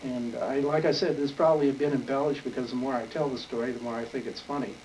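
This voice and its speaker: A man's voice: medium pitch, steady tone, fast, a little mellow. An older man from Wyoming telling a rambling, folksy story in an oral history interview. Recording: distant mic with faint noise.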